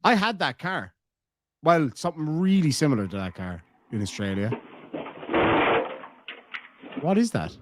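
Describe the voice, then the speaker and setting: A man's voice: on the high side, sing-song, brisk, a little hiss or hum. An Irish man in casual chat, reading out viewer messages and telling rambling stories, swearing freely. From Ireland.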